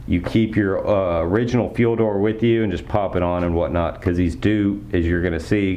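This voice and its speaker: Brief: male car-mod vlogger, low relaxed voice, chatty how-to delivery, faint hiss behind. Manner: upbeat, folksy, talks straight to viewers. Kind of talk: casual how-to talk.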